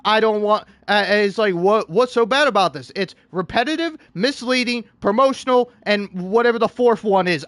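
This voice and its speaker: A man ranting in a comedic way, exasperated and theatrical, swinging between shouting and muttering. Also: very high voice, no room sound. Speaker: online video creator. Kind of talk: comedic rant.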